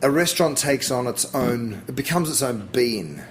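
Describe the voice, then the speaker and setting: Man, Australian accent, chef guest, casual talk, middle pitch, rambling restarts. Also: lively intonation, normal speed, a little hiss or hum. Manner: chatty, thinks aloud with frequent restarts. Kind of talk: casual interview chat.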